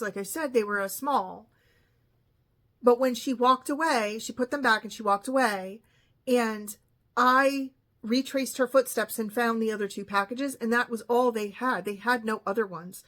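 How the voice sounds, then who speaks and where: A woman's voice: a little high, fairly bright tone. A woman in her fifties telling a long, rambling story in a casual monologue, chatty and exasperated. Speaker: vlogger.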